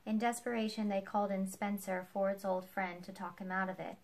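Woman reading aloud with vocal fry. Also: mid-range voice, flat delivery, a little fast. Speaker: book reader. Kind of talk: reading a nonfiction book aloud.

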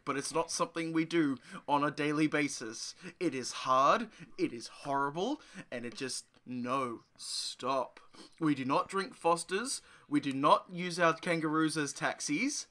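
A man with an Australian accent, a podcast co-host talking in animated, casual chat. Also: fairly high pitch, a little slow.

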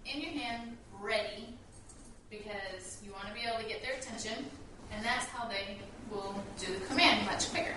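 A woman dog trainer giving a casual hands-on lesson indoors at home, explaining commands and breaking into high sing-song praise for the dog. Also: normal speed, background noise. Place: small room indoors in a house. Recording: echoey room, distant camera mic.

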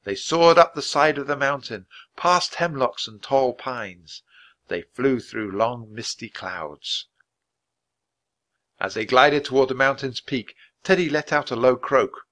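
A man reading a children's chapter book aloud in a clear, measured, expressive way. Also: mid-range voice. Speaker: storybook reader.

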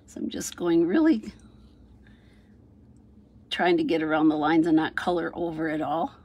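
A middle-aged woman talks through a stamping and coloring project in an easy, rambling way, narrating each step as she works. Her voice sits a little low and has a slightly husky edge. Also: moderate pace, a little mellow. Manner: chatty, thinks aloud, sing-song "ta-da" while working. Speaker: craft demonstrator. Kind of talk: casual craft tutorial narration.

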